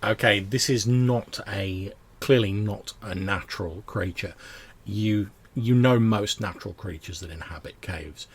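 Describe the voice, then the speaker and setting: A man's voice: lowish voice, unhurried, breathy edge. A man narrating a tabletop game as game master, with a loose manner full of "like"s. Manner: loose, filler-heavy narration with many "like"s.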